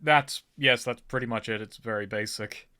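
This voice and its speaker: A man joking around as a player in a tabletop game, laughing between lines. His voice sits at a middle pitch with a bright edge. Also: moderate pace, clear, resonant tone. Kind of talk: casual tabletop game chat.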